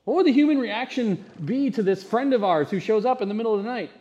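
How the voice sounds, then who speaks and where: A man delivering a sermon to his congregation, his voice sitting a little high for a man. He preaches conversationally, often tossing rhetorical questions to the room. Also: lively intonation, quick pace, mellow, dull audio. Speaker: pastor.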